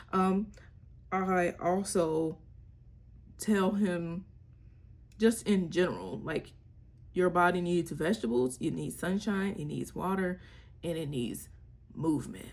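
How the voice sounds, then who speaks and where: This young mother has a husky, fairly low voice with lively intonation, and she speaks a little slowly. Chatting casually in her vlog, she gives parenting tips candidly and wryly, with slang and the odd playful voice.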